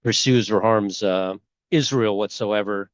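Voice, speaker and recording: A man's voice: on the low side, measured pace, no echo, muffled recording. A middle-aged man talking casually and rambling, with many fillers and restarts, as a channel host. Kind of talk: casual talk on bible timelines.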